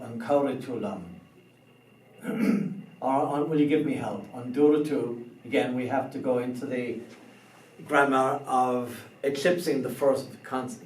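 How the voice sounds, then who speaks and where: Guy teaching a beginner language lesson, really slow, spells stuff out letter by letter, roomy echo, mic a bit far off. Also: mid-range voice, a little mellow, slight background noise. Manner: slow and careful, spells out words letter by letter, many restarts.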